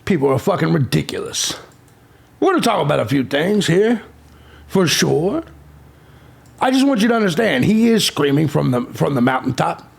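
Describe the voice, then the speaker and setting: Brief: man, true crime commentator, very gravelly and husky, abrasive rants. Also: a little high, very animated, moderate pace, pauses often. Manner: abrasive, insulting, sarcastic. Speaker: true crime channel host. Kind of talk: profane ranting commentary.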